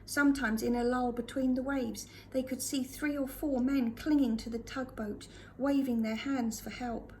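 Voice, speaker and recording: A woman reading a storybook aloud to a school class with expressive delivery. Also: high-pitched, normal speed, hardly any pauses, a little hiss or hum.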